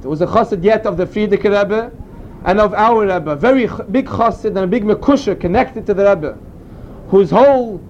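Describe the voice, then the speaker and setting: Male Torah teacher with an unusually high voice, earnest storytelling tone, dull lo-fi recording with a faint vehicle rumble underneath. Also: darkish tone. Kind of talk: informal Torah class.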